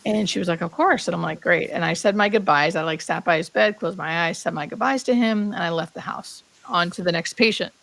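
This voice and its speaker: A woman's voice: fairly low pitch, fairly quick, creaky, hardly any pauses, a bit bright, low-quality recording. A woman in her thirties, a hospice nurse guest, telling a personal story in a heartfelt way, full of "like" fillers and dropping to a whisper now and then. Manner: heartfelt, many "like" fillers, drops to a whisper when quoting. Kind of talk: emotional storytelling.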